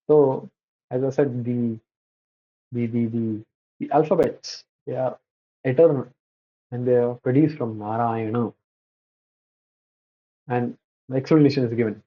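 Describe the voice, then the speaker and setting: A man gives a slide-based religious lecture at a middle pitch. His voice is a little husky, and he often breaks off to correct himself. The recording sounds dull and lo-fi. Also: fairly even intonation. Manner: halting, many restarts and self-corrections.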